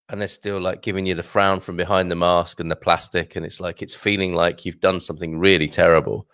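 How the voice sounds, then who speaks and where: A man's voice: sits low, level tone, brisk, hardly any pauses, fairly bright tone, dry recording. A man hosting a morning live stream, chatting casually and joking as he reads out viewer comments from a home studio. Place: home studio with a green screen.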